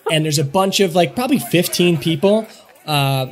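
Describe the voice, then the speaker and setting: Rambling male game master, slightly high voice. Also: expressive, moderate pace, faint music behind. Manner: loose, rambling explanations with many fillers. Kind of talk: narrating a comedic tabletop game.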